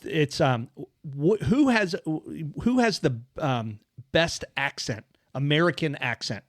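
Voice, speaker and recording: A man's voice: fairly high pitch, lively intonation, slow pace, dry recording, studio quality. A man hosting a radio talk show, reading out quirky news items in rambling casual chat with many fillers. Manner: rambling, many fillers, enthusiastic about lists. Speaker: host. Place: radio studio.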